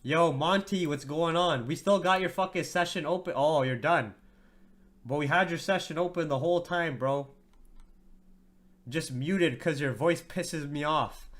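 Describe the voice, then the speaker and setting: A worn-out man running a live trading stream, his slightly high voice loose and unpolished. He talks to viewers like friends, slangy and quick to swear. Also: a bit bright. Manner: profane, slangy, chats with viewers as "bro". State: tired. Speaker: trading livestream host. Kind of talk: casual livestream market commentary.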